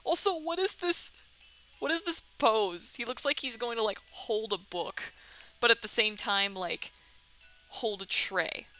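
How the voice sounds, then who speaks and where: A young woman giving animated, giggly commentary on her game playthrough and reading its text aloud. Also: fairly high pitch, a little slow, soft background music. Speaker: let's player. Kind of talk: casual gameplay commentary.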